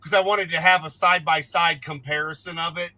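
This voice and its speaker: A male host talks in a rambling, joking way, often correcting himself mid-sentence. His voice is strikingly bright and a little high. The talk is loose and casual. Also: fairly even intonation, a little fast. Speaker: show host. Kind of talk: casual online chat show.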